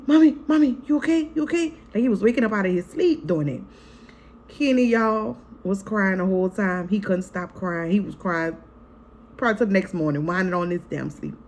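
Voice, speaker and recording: A woman's voice: lowish voice, normal speed, slight background noise. Chatty, blunt woman telling a storytime. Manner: chatty, frank and profane, keeps calling to viewers as "y'all" and "girl"; re-enacts scenes vividly in the retelling. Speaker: family vlogger, mother. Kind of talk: casual storytime vlog.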